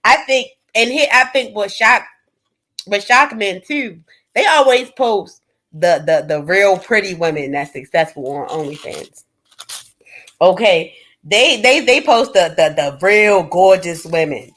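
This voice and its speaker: A woman, hosting a livestream and ranting bluntly and profanely to her chat, swinging between loud and low. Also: a little slow. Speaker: livestream host. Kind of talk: casual livestream rant.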